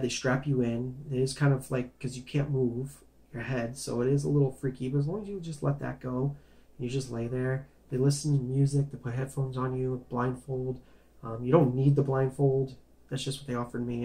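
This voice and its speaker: A man casually recounting a personal medical story, rambling and conversational, with many restarts and fillers. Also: medium pitch. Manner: animated and emphatic in tense moments.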